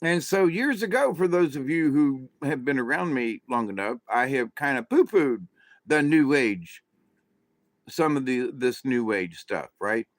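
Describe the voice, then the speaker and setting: A man's voice: mid-range voice, lively intonation, measured pace, no echo. A man hosting his own spiritual channel, telling a story in a loose, rambling way with restarts and asides to his viewers. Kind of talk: casual storytelling monologue.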